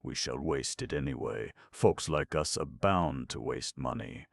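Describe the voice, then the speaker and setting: A man voicing a wild, tipsy young woman who pleads in a high, breathless voice. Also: a little slow, vocal fry, dry recording, studio quality, exaggerated voice. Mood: eager. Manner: breathless, imploring, high and strained.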